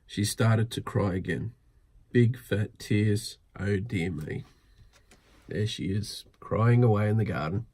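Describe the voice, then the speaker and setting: A man reading a picture book aloud at bedtime, pausing to point out each picture. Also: on the low side, darkish tone, breathy edge. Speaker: storybook reader.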